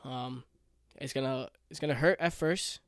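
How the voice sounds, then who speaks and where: A podcast host in his twenties talks solo in a smooth, mid-range voice at normal speed, recorded cleanly in a studio with no room sound. Earnest and emotional, he rambles, restarts often, and chokes up at times.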